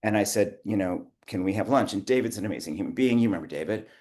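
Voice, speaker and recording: Deep-voiced man telling stories. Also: quick pace, a little mellow. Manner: rambling anecdotes with quoted dialogue and laughs. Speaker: guest, theater producer. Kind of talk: conversational interview storytelling.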